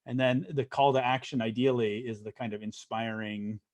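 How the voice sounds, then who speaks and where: A man hosts a podcast conversation in a relaxed, chatty way, with a voice of middling pitch. He sums up his guest's points and often checks in with a quick "right?". His fillers give it an unscripted feel. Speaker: podcast host. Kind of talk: podcast interview.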